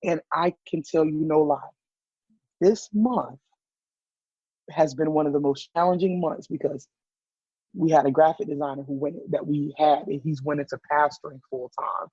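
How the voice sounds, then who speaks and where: Southern man, husky and animated. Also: a little high, normal speed, dry recording. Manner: animated storyteller acting out quoted voices. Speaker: podcast guest, business owner. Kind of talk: casual interview chat. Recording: dull, slightly muffled podcast audio.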